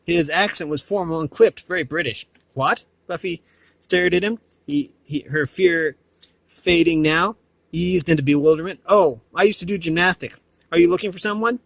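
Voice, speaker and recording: A man reads a novel aloud in a slightly high voice, recorded dry and close. He trips over words and backs up to fix them, drops in short asides, and lifts his pitch for the characters' lines. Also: normal speed, a bit bright, no echo. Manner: stumbles and restarts on words, adds asides; raises pitch for quoted dialogue. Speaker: reader.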